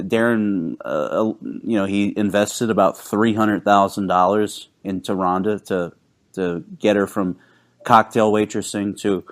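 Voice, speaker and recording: A man co-hosting a casual podcast, telling stories in a halting, rambling way with lots of fillers and restarts. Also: lowish voice. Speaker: podcast co-host.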